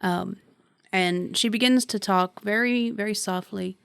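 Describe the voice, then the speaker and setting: Gravelly woman game master. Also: mid-range voice, a little slow, a bit bright, no echo. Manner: descriptive, many filler ums. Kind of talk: narrating a tabletop game.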